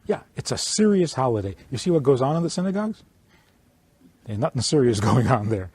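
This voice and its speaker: A rabbi teaching a small audience in a lively, sing-song way, his voice climbing and dropping as he plays out little exchanges. The tone is mellow and a bit husky, and the sound is dry and close. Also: mid-range voice, brisk, no room sound. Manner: animated, plays out dialogues, chuckles. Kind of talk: informal teaching talk.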